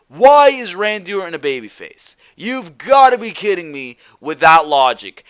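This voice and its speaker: A man's voice: a little high, lively intonation, normal speed, hardly any pauses, sharp tone, clear, resonant tone, no echo. A man ranting through a wrestling show review, firing off repeated exasperated rhetorical questions.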